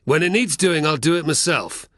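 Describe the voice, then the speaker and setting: A man voicing a gruff, irritable male soldier who snaps and growls. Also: mid-range voice, expressive, fairly quick, bright, forceful tone, no room sound, clean studio sound. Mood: snappish. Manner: snapping, growling.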